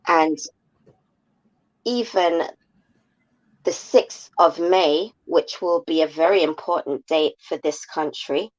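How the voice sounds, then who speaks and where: A woman from the UK calls in to a livestream talk show. She speaks very slowly and reflectively in a lowish voice. Her call audio comes through dull and lo-fi. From United Kingdom. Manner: slow, measured and reflective. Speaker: caller.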